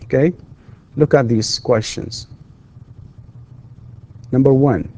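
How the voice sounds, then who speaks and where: Male university English lecturer; patient, repetitive, warm low tone. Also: takes it slowly, pauses often. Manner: patient, repeats and prompts students with questions. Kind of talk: recorded classroom lecture.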